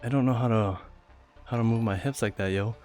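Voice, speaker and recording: A young male streamer talks to his chat while dancing in VR, breathless and quick to giggle. His voice sits at a middle pitch, with faint music playing under him. He chats loosely and playfully, reading out names from chat. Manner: chatty, giggly, animated, reads chat aloud. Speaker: livestreamer. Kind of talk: casual live-stream chat.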